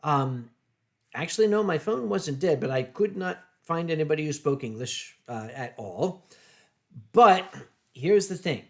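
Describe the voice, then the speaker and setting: A middle-aged man hosting a casual stream, telling wry, drawn-out anecdotes with deadpan punchlines. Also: on the high side. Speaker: streamer host. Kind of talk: casual storytelling chat.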